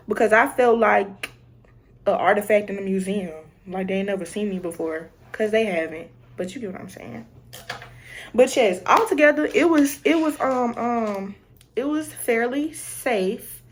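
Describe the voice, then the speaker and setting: A woman's voice: mid-range voice, moderate pace. A young woman with a Southern American accent, chatting casually in a vlog and acting out little greetings as she tells her stories. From Southern United States. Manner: animated storytelling, acts out greetings. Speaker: vlogger. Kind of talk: casual chat.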